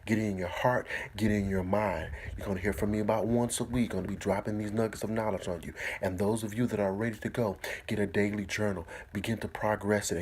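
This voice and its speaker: A man giving an inspirational sermon, repeating a key phrase slowly and with emphasis. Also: lowish voice, a little mellow, a little hiss or hum. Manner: repeats a slow, drawn-out mantra. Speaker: motivational speaker.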